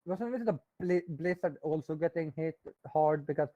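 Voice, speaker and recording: Higher, mellow man on a dull dry mic. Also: normal speed. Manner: hesitant, restarts phrases, argumentative. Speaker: live stream co-host. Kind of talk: casual gaming chat.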